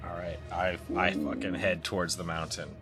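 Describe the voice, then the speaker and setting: Deep-voiced man, casual and blunt. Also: flat delivery, normal speed, over loud music. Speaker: player. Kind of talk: playing a tabletop game.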